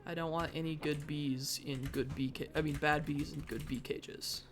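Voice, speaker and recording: A woman's voice: deep voice, fairly even intonation, normal speed, slight background noise. A woman streaming live from her desk at home, muttering wry gameplay commentary to herself and easily getting sidetracked. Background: faint background music.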